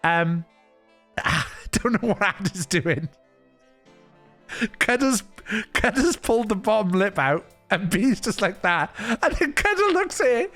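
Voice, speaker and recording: A man's voice: extremely high pitch, big pitch swings, unhurried, bright, forceful tone, faint music behind. A male streamer telling rambling anecdotes in casual chat, laughing and breaking off his own sentences.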